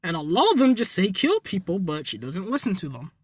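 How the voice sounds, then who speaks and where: A woman's voice: on the low side, sing-song, fairly quick, breathy edge, no room sound, clean studio sound. A woman telling an improvised fan story in a rambling, profane way with joking asides. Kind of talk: improvised casual story narration.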